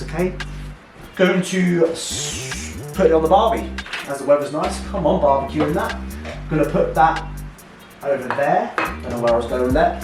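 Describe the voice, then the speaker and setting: A young man with a mid-range voice talks through his meal in a casual, sweary vlog. He sounds blunt and chatty. The sound is roomy, with music clearly playing underneath. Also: mid-range voice. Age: young adult. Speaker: fitness vlogger.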